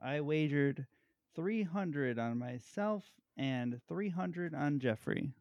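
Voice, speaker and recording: Man trivia contestant, gravelly voice, dry close sound, rambling and chuckling. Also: a little high, animated, takes it slowly, no room sound, dull audio. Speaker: podcast guest contestant. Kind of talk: casual podcast banter.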